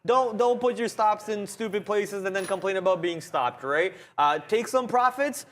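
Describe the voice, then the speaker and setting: A man hosting a live day trading show, giving chatty, brisk commentary from a trading floor studio, repeating himself and laughing at himself now and then. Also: sits high.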